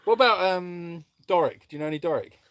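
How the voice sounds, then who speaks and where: A man's voice: sits high, a little fast, a bit bright, no room sound. A man co-hosting a live stream outdoors, chatting away and talking to the animals around him. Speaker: sanctuary live-stream co-host. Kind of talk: casual live-stream chat. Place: outdoors in a dusty animal yard.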